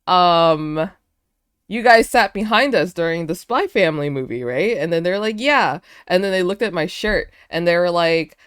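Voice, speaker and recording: A woman's voice: on the low side, normal speed, fairly bright tone, clean tone, no room sound, clean studio sound. A young woman streamer telling a casual story to her chat, chatty, with lots of fillers. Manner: chatty, many fillers, bursts of laughter.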